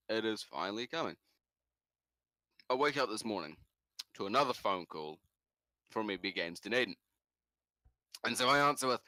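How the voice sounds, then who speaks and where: Young NZ man, podcast co-host, animated storyteller with a bright, dry-recorded voice. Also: dry recording. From New Zealand. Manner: animated, jumps into high shouts for quoted lines. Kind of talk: casual storytelling.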